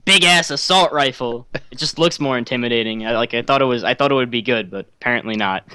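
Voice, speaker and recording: A man chatting on a gaming podcast, opinionated and animated. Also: medium pitch, fast, clean tone, dry recording. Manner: animated, opinionated, does silly voices. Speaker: podcast co-host. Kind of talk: casual gaming podcast chat.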